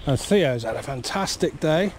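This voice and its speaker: A chatty man with a cold, rambling cheerfully to the camera as he fishes. His voice sits a touch high, with faint wind noise from the riverbank in the background. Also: expressive, moderate pace, darkish tone. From Cornwall. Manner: chatty, rambling, easily amused. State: has a cold. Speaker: fishing vlogger. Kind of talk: casual outdoor vlog narration. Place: windy riverbank outdoors in bad weather.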